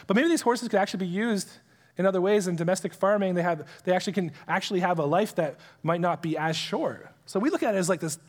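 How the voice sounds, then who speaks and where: A man teaching the Bible in a conversational, animated way, throwing out rhetorical questions to his listeners. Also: high-pitched. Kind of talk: conversational sermon-style teaching. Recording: long hall reverb.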